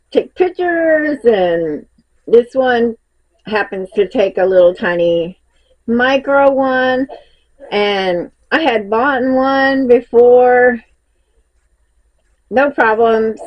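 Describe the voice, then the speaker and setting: A woman's voice: a little high, animated, extremely slow, highs cut off. A woman with a Southern US accent chatting casually in a vlog, a bit out of breath, rambling in a folksy way. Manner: rambling, folksy, laughs often. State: a little out of breath. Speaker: crochet vlogger.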